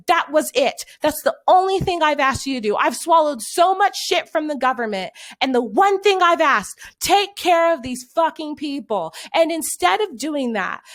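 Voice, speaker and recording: A woman in her twenties, a podcast co-host, delivering an angry, profane, exasperated rant in casual chat. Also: high-pitched. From United States. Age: 20s.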